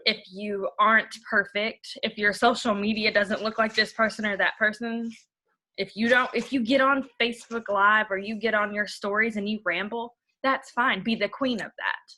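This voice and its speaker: Gal, bright tone, blunt rambly pep talk to her team, says y'all a lot. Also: mid-range voice, steady tone, normal speed. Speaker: team leader giving a training. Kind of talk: motivational live training talk.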